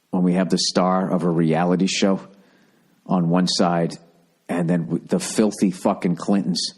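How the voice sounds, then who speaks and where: A middle-aged comedian who hosts a podcast launches into a rambling, profane comedic rant. His voice sits low and is slightly mellow with a bit of roughness, and he's sarcastic, mocking people by putting on silly voices.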